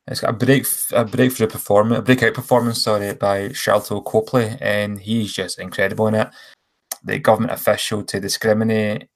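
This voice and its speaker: A man's voice: fairly low pitch, flat delivery, fairly quick. A man co-hosting a podcast, rambling enthusiastically about films and correcting himself as he goes. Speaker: podcast co-host. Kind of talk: casual film chat.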